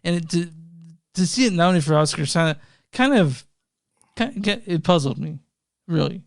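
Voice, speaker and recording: Podcast co-host from Texas, man, somewhat high gravelly voice, halting casual chat on a dry mic. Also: no room sound. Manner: halting, repeats words, laughs often.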